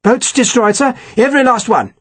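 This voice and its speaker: A man's voice: very high-pitched, moderate pace, slightly rough, voice pushed up. A man voicing a stiff, pushy army captain who speaks in a clipped, officious, complaining way. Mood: aggrieved.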